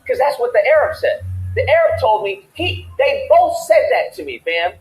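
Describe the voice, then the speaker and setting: A man's voice: very high voice, sing-song, brisk, a little mellow, roomy sound, rough recording. A man hosting a casual talk show, telling a heated story and acting out both sides of the argument. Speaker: podcast host. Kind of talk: animated storytelling rant.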